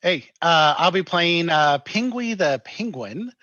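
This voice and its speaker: A man's voice: fairly high pitch, expressive, slow, pushed and bright, dry recording, highs cut off. A man casually describing his character as a player in an online tabletop game, with some hesitation.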